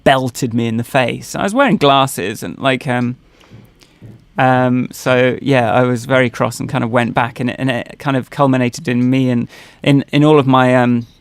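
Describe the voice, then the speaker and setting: A man's voice: medium pitch, moderate pace, gravelly, clear, resonant tone, dry recording. A man co-hosting a podcast, telling personal stories in casual chat, rambling with many fillers and restarts. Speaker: podcast co-host.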